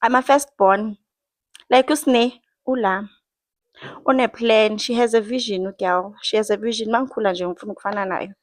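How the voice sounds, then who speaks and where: A South African woman giving chatty, expressive gossip commentary to her viewers, switching between Zulu and English. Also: medium pitch, normal speed, no room sound. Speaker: entertainment gossip vlogger.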